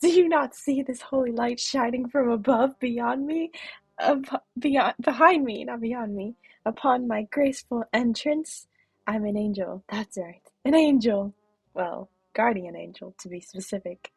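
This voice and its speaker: A woman's voice: a little high, a little slow, creaky, a little mellow, slightly rough, dry recording, exaggerated voice. Forcus, a woman reading a cocky angel. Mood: boastful. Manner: boastful, teasing, breezy. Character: cocky male guardian angel, old-man energy. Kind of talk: reading game dialogue aloud.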